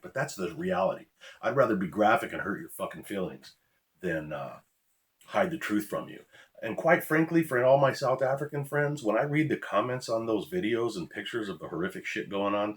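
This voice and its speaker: A man, a former officer ranting bluntly and profanely to his viewers. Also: low-pitched. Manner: blunt, profane, preachy warnings. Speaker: former law enforcement officer, channel host. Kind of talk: ranting monologue to camera.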